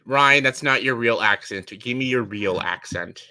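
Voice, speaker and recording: A man's voice: mid-range voice, normal speed, sharp tone. A man from Canada hosting a casual live-stream chat, joking around, swearing and laughing often. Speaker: channel host.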